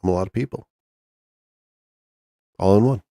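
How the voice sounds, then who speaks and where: A man's voice: deep voice, normal speed, vocal fry, mellow, no echo, clean studio sound. A man casually chatting on a stream, rambling and joking crudely with lots of restarts. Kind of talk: casual profane chat with chat and co-host.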